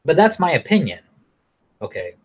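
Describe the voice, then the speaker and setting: A man ranting casually to camera in a blunt, profane, rambling way, now and then mocking people in a high falsetto. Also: wildly swooping pitch, moderate pace, a little mellow, slightly rough. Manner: mocks others in high falsetto. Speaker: vlogger.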